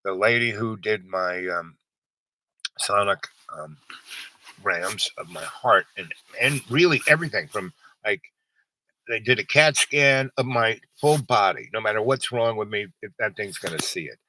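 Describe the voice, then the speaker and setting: A man's voice: fairly low pitch, unhurried, bright, forceful tone, a little hiss or hum, rough recording. A man telling a long personal story in a rambling, casual way, full of fillers and restarts, acting out other people's lines with a raised voice.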